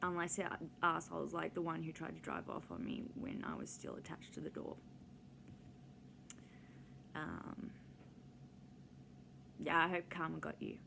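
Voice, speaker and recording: A woman chats casually for her vlog, drifting from one story to the next. Her voice sits a little low, with a gravelly fry, and she takes her time. A steady hiss of noise runs under the recording. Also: unhurried, pauses often. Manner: rambling, digressive, with many ums. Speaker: vlogger. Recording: noisy background hiss.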